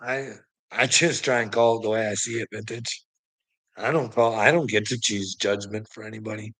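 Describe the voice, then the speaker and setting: A man's voice: on the low side, fairly even intonation, normal speed, a bit bright. A weary man ranting in a profane monologue to the camera, swearing constantly and stammering through restarts. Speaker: vlogger.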